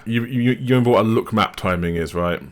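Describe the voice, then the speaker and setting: A man co-hosting a podcast, talking casually about esports with relaxed anecdotes and plenty of fillers. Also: fairly low pitch, brisk. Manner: relaxed storytelling, many fillers, hedges. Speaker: podcast co-host. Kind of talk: casual esports analysis chat.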